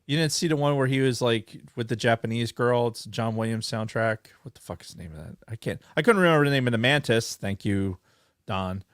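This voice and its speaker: A man's voice: mid-range voice, fairly quick, no echo, clean studio sound. A man co-hosting a podcast in casual chat, wry and rambling, swearing as he gropes for names. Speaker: podcast co-host.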